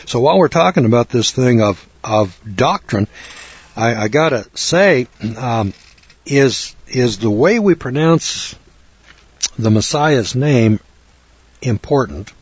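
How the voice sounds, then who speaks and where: A man's voice: mid-range voice, animated, takes it slowly, slightly rough, no room sound, highs cut off. Folksy older American man teaching scripture. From United States. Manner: folksy, rambling, frequent restarts. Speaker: Bible teacher. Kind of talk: informal Bible teaching.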